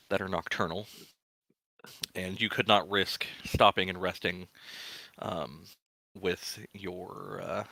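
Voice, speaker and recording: A man runs a tabletop game and recaps the last session in a loose, rambling way. His voice is low with a bright, forceful tone. The recording is dry and close. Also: no echo, poor audio. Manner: casual, rambling, many fillers. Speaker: game master.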